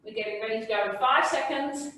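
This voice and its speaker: A woman exercise instructor with a slightly high voice leads an online class, coaching the moves and often checking in with "okay?". She sounds far from the mic in a very echoey indoor room. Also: quick pace, bright, forceful tone, a little hiss or hum.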